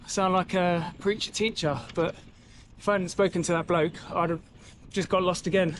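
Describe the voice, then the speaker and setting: A man cycles along talking into his camera, casual and chatty, with a slightly higher than usual voice. He sounds a little out of breath at times. Faint outdoor noise sits behind him. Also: fairly even intonation, moderate pace. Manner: chatty, talks to himself and the camera, swears casually. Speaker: cycling vlogger. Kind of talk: casual vlog narration while cycling. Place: outdoors on a bike route. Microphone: camera mic.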